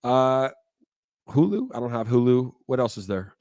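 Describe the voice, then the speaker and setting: A man's voice: mid-range voice, very animated, moderate pace, darkish tone, no room sound, clean studio sound. A young man hosting a casual crypto livestream, joking around and reading viewer comments aloud. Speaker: crypto show host.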